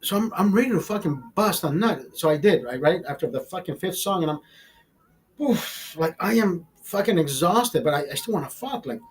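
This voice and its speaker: A man in his fifties telling a personal story in a profane, rambling, animated way, full of restarts. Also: on the high side, normal speed. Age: 50s. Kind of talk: casual storytelling.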